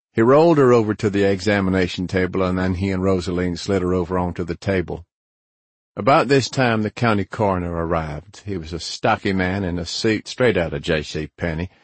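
A man narrating an audiobook in the first person, in a measured, dry manner. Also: low voice, husky, no echo.

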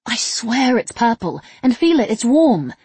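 A woman's voice: medium pitch, lively intonation, normal speed, a little mellow, husky, no echo. A woman voicing a wry, tired young woman with a dry, sardonic manner in a read-aloud story. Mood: insistent.

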